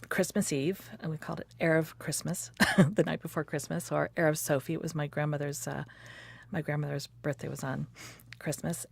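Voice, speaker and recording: A woman in her fifties telling the story of her courtship in a lively way, laughing often and acting out quotes. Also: deep voice, gravelly, dry recording. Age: 50s. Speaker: interviewee recounting her courtship. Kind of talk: personal storytelling conversation.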